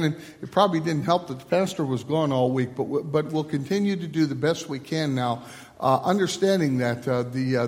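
A man leading a church service as pastor, moving from halting announcements to measured liturgical recitation. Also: a little high, darkish tone. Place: church sanctuary. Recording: long church hall reverb.

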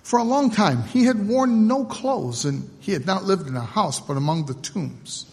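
A man's voice: high voice, sing-song, moderate pace. Man, pastor, solemn liturgical cadence, echoey church hall with long reverb. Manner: solemn liturgical cadence with call and response prompts. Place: church sanctuary.

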